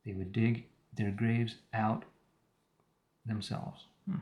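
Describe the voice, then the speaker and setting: A man's voice: fairly low pitch, flat delivery, a little mellow. A man reading the Bible aloud on a live stream, stopping now and then to paraphrase old words and add his own comments. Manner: reads archaic text, pausing to paraphrase words and comment.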